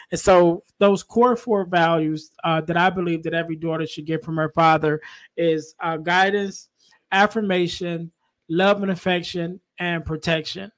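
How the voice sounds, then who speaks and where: A man hosting a podcast, asking questions and leading into the next segment in a conversational way, with plenty of fillers. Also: high voice. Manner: conversational, steering the talk with fillers. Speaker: podcast host. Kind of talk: casual interview talk.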